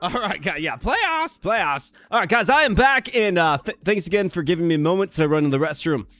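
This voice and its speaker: A man's voice: high voice, expressive, fairly quick, a bit bright, a little hiss or hum. A man streaming a management game live, chatting playfully with his viewers as he plays. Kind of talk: casual live-stream commentary.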